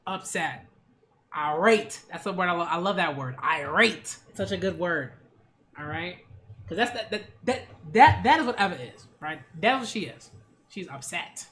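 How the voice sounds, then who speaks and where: A woman's voice: fairly low pitch, animated, moderate pace, a bit bright, slight background noise. A woman reacting to an anime episode in a casual, slangy, exclamatory way. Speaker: manga and anime reviewer.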